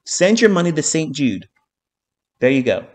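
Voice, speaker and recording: A man's voice: on the high side, big pitch swings, moderate pace. A man ranting profanely at viewers. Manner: heated, profanity-laden ranting with repeated phrases; emphatic, hammering points with "okay?". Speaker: trading educator and live streamer. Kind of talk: profane live-stream trading lecture.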